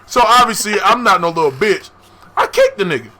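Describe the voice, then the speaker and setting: A man's voice: sits high, very animated, fairly quick, pushed and bright. A young man hosting a podcast, telling a story casually, profane and laughing as he goes. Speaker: podcast host. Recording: faint background noise.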